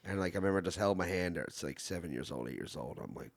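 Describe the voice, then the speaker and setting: A man, hosting a podcast and telling a personal story in a reflective, halting way, often restarting and growing quiet. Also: deep voice, lively intonation, gravelly. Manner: reflective, halting storytelling with many restarts, drops soft when sad. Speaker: podcast host. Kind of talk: casual conversation.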